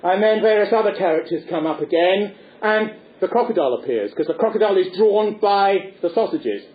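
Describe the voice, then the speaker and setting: Animated, theatrical Englishman. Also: high-pitched, brisk. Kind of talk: lively anecdotal talk. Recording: echoey, phone-like lecture recording.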